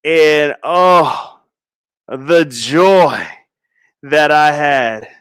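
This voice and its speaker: A man's voice: fairly high pitch, very slow, a bit bright, clean tone, no echo, studio quality. A middle-aged man chatting casually on a livestream, telling a story dramatically with slangy asides and frequent laughter. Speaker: livestreaming content creator.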